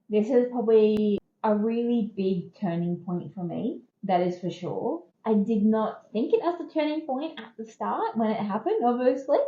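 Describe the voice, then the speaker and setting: A woman's voice: mid-range voice, dark tone, reverberant, lo-fi sound. A woman in her thirties with an Australian accent, hosting a podcast and candidly telling personal stories in a conversational, emphatic way. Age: 30s. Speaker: podcast host. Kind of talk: personal storytelling.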